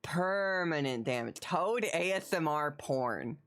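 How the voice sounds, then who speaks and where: A woman's voice: deep voice, expressive, slow. A young adult woman streaming live, chatting casually, wry and self-mocking, often repeating her lines.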